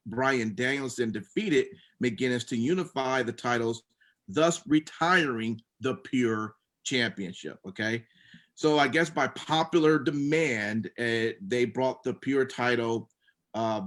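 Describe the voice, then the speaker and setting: A man's voice: mid-range voice, a bit bright. A man co-hosting a casual wrestling podcast, reading rules aloud and then rambling with many fillers and restarts. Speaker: podcast co-host recapping wrestling.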